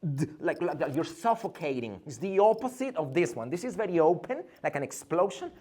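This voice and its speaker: A man's voice: a little high, sing-song, fairly quick, warm tone. A man teaching an English pronunciation lesson, drilling sounds by repeating them and asking and answering his own questions.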